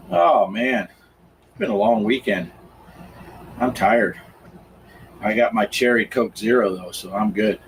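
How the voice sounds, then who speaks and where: A man's voice: on the low side, measured pace, long pauses, slight background noise, poor audio. A man hosting a gaming podcast in casual chat, laid-back and teasing while he reads the chat. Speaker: podcast host reading chat.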